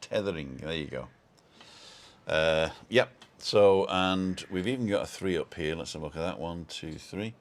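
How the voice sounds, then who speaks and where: A man's voice: deep voice, normal speed. A middle-aged man hosting a casual live stream from home, rambling along and greeting viewers by name.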